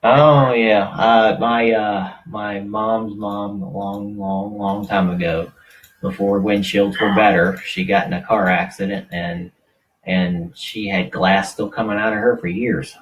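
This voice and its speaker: Man, low voice, radio host, relaxed conversational, slightly distant mic, faint hiss. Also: unhurried, vocal fry, highs cut off. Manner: relaxed, conversational, brief reactions. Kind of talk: casual radio interview.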